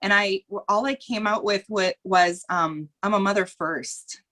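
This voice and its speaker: Speaking at a measured pace, a woman with a bright, forceful, mid-range voice is interviewed as a podcast guest. She's candid and earnest, going on in long rambles with repeated phrases that sometimes turn emotional.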